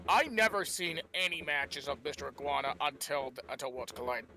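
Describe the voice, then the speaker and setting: A young man co-hosting a wrestling podcast, chatting casually, excitable and swearing freely. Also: on the high side, brisk. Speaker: podcast co-host. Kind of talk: casual chat.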